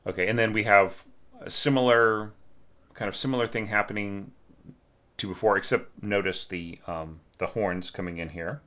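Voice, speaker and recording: A man's voice: on the low side, fairly even intonation, moderate pace, bright, forceful tone. A man giving a casual, candid critique of an orchestration at home, humming musical passages and talking with many fillers. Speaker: orchestration teacher. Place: home room with a snoring cat.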